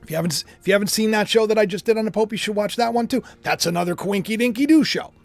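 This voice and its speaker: A man with a high-pitched voice hosts a casual, speculative monologue and rambles to his viewers, restarting sentences and drifting into asides. The sound is dry and close to the mic, with faint music underneath. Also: fast talker, vocal fry, no echo. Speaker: host.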